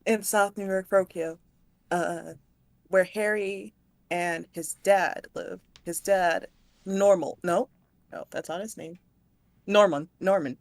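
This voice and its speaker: A woman's voice: fairly low pitch, steady tone, takes it slowly, vocal fry, no room sound. Woman, rambling storyteller, giggles, dry close sound. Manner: rambling, giggling, trips over words. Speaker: co-host. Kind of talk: retelling a silly made-up story.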